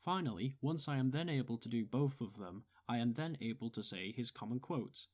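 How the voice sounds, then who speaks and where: Guest tutor, man; calm, methodical explainer. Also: mid-range voice, brisk, hardly any pauses. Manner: methodical, instructive. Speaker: guest giving voice advice.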